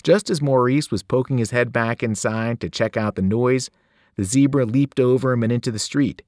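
A man, a teacher, reading a novel aloud with expressive storytelling. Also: medium pitch, moderate pace, dry recording, studio quality.

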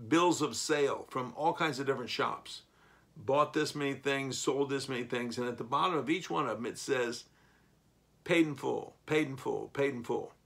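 A man with a gravelly, creaky voice leads a Bible lesson. His pitch sits in an ordinary middle range. He reads scripture aloud and breaks into loud, animated bursts to stress a point. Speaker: Bible teacher. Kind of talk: Bible teaching.

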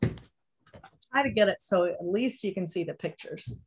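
Slow, gentle woman pastor reading aloud. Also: mid-range voice, noisy background. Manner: gentle, expressive storybook narration. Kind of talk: reading a children's book aloud in a sermon.

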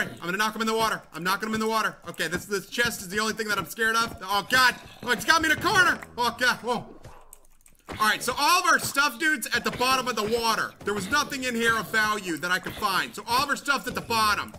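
Young male gamer, high and very bright voice, excitable commentary with yelps, faint background hiss. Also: fast talker. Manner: excitable, yells and mutters to viewers, repeats himself. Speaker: gaming channel host. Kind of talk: let's play commentary.

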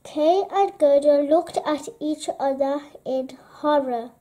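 Woman reading a children's story aloud, gentle and expressive, high voice, very slow. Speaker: storybook reader.

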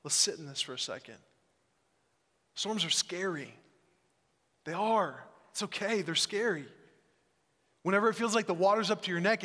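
A man preaching from the pulpit of a large church, his voice sitting high and sounding bright and forceful. He swings between hushed, reflective stretches and loud, emphatic bursts, and the hall carries his words on a long reverb. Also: moderate pace, pauses often. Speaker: pastor. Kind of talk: sermon.

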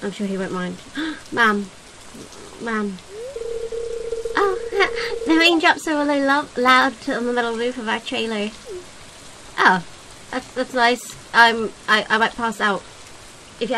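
A woman's voice: fairly high pitch, moderate pace, pushed and bright, a little hiss or hum, rough recording. A woman giving casual let's-play commentary, comically dramatic and given to whiny pleading. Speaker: video game player.

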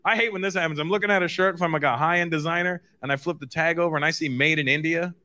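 A man performing a stand-up comedy routine, telling animated stories and slipping into acted voices. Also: fairly high pitch, rapid-fire.

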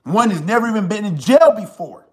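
A man in his forties hosting a live show, delivering a preachy, impassioned monologue. He repeats his points, dropping to a hush and then rising to forceful emphasis. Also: high-pitched, big pitch swings, fairly quick. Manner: preachy, swings from hushed to forceful, repeats lines.

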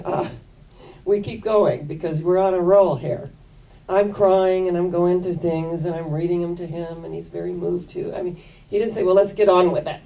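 An older woman minister preaching in a low, mellow voice. She tells personal stories in an earnest, chatty way and leans on repeated phrases for emphasis. Her voice sounds distant, well off the microphone. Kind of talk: sermon with personal storytelling.

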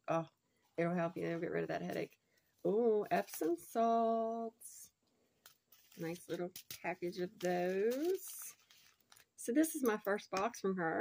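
A woman, chatting casually and gushing excitedly as she unboxes a gift, laughing often. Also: fairly low pitch, unhurried, creaky. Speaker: unboxing vlogger.

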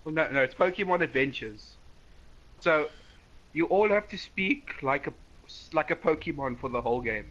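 A man's voice: fairly high pitch, lively intonation, normal speed, a bit bright, dull audio. A man in casual game chat, explaining a challenge to his friends. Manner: explaining, gets annoyed. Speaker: gamer.

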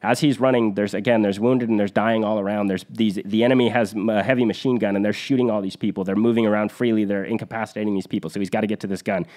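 Host type, male, lowish voice, earnest storyteller, retells combat events vividly, talks it through with restarts. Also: steady tone, fast talker, hardly any pauses, darkish tone. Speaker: podcast host. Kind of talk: conversational war storytelling.

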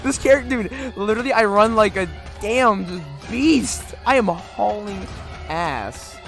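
Excitable young man yelling over games. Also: high-pitched, measured pace, over music. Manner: loud, excitable, laughing, swearing. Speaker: gaming host. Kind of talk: let's play commentary.

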